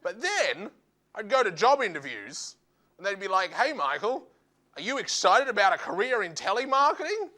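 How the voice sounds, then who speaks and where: A man doing a stand-up routine, animated and acting out voices in quick asides. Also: sits high. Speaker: stand-up comedian.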